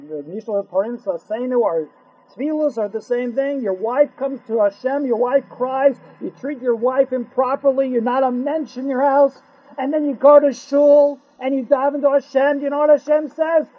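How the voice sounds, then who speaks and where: A man with an unusually high, husky voice teaching an animated Torah class. He fires off rhetorical questions, acts out bits of dialogue and mixes in Hebrew and Yiddish terms. The recording sounds dull and lo-fi. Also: moderate pace.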